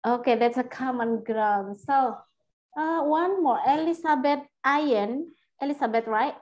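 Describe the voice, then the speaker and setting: A woman's voice: high-pitched, unhurried, darkish tone, low-quality recording. A woman law lecturer, teaching an online class and patiently affirming student answers. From Indonesia.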